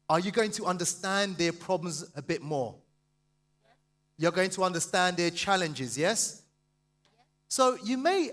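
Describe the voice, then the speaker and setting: Man, high voice, sales trainer, passionate, fast, asks the crowd questions. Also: a bit bright. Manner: passionate, fast, quizzes the audience. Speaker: sales trainer speaking at a seminar. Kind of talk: live motivational seminar talk.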